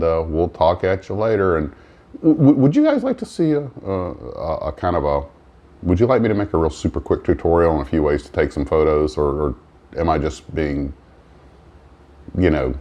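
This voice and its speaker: A man with a very deep, low voice chats casually as host of a hobby vlog. He rambles, trails off and restarts often, with plenty of fillers. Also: darkish tone. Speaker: model-building channel host. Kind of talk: casual morning vlog chat.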